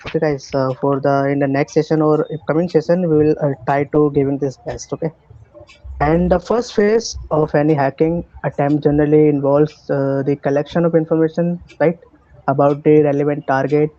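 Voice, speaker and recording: A man with an Indian English accent lectures an online cybersecurity class, his voice a little high and mellow. He talks in halting bursts, full of fillers and restarts, and the call audio sounds muffled. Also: fairly even intonation. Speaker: cybersecurity instructor.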